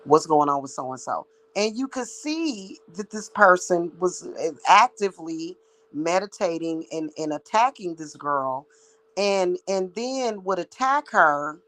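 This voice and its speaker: A woman's voice: on the low side, lively intonation, slow pace, a bit bright, poor audio. A woman who works as a psychic reader, ranting to her viewers in a blunt, heated, profane monologue. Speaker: psychic reader and spiritual practitioner.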